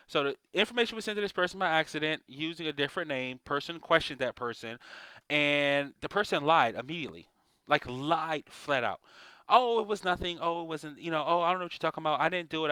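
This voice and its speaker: A man rants casually to the camera, exasperated and swearing freely. His voice is bright and forceful and sits a little high. The sound is dry and close, with no room echo. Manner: exasperated, profane ranting. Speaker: vlogger. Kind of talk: casual ranting monologue.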